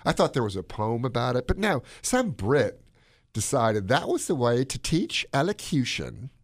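A man co-hosting a podcast, talking his opinions in a casual, animated way. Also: mid-range voice, normal speed, no room sound, clean studio sound. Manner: animated, opinionated, drops into playful put-on accents. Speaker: podcast co-host.

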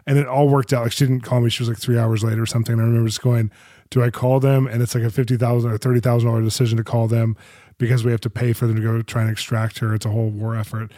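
A man hosting a podcast, chatting casually with his guest in a quick, chatty way. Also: medium pitch, level tone, mellow, dry recording, studio quality. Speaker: podcast host. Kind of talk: casual interview chat.

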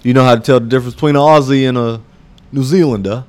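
A man co-hosts a comedy podcast in casual chat, teasing dryly and rambling through jokes. His medium-pitched voice is steady and a little mellow, and he talks fast.

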